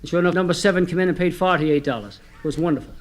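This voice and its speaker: A man's voice: on the high side, rapid-fire. A man telling folksy jokes on a comedy record, chatty and homespun, speaking straight to his listeners. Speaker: comedy storyteller.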